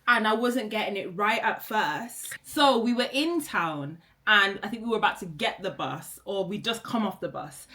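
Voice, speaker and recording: Animated woman telling a funny story. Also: medium pitch, normal speed, hardly any pauses. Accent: British with Jamaican roots. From Jamaica. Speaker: guest. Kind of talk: casual storytelling.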